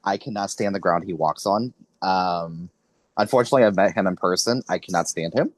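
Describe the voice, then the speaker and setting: A man's voice: sits low, a little fast, no room sound. A man from Missouri hosting a podcast interview, blunt and opinionated. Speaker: podcast host.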